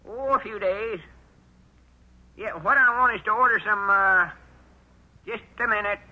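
A man doing an old codger's fake high phone voice. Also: measured pace, husky. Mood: fake politeness. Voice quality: raised, put-on falsetto-ish tone. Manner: hesitant, stalling on the phone. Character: old rural grandpa faking a high city voice. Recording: muffled old radio recording.

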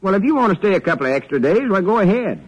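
An actor playing a folksy middle-aged country storekeeper, in an easygoing drawl, in 1940s radio acting. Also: male voice, high voice, sing-song, very fast, husky, dull audio, exaggerated voice. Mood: cheerful.

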